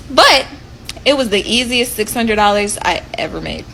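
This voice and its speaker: Bright-voiced woman telling a storytime. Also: mid-range voice, moderate pace, vocal fry, slight background noise, poor audio. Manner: animated, quoting herself and others. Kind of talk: casual storytime.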